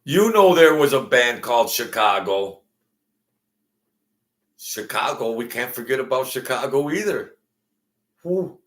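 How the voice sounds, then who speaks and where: Speaking slowly and pausing often, a middle-aged man with a mid-range, fairly bright voice hosts a casual late-night livestream from his home. He reminisces and jokes in a rambling way, full of fillers.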